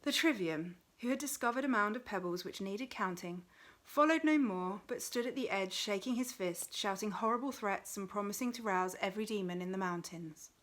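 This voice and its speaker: A woman reading a novel aloud in an expressive storytelling manner. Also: mid-range voice, moderate pace, hardly any pauses. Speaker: reader.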